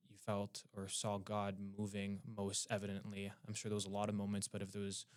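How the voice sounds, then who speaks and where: Flat-voiced man hosting a podcast. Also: fairly low pitch, fairly quick. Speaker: podcast host. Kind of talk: interview questions.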